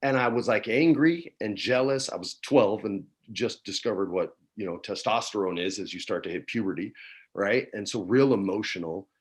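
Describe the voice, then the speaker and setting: A man in his forties from New Mexico, a guest telling stories in a relaxed chat, dropping "man" and "dude" often, on a video call from home. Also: on the low side, moderate pace, slightly rough. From New Mexico, USA. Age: 40s. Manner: laid-back, peppers talk with "man" and "dude". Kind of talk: casual storytelling chat.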